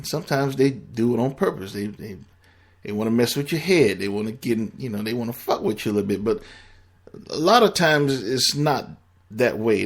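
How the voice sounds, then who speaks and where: A man giving blunt, profane relationship advice in a casual, rambling monologue. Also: mid-range voice.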